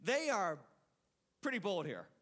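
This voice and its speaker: A man's voice: high voice, wildly swooping pitch, measured pace, a bit bright. A man preaching a sermon in a conversational way, acting out voices from the text and building to emphatic climaxes. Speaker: pastor.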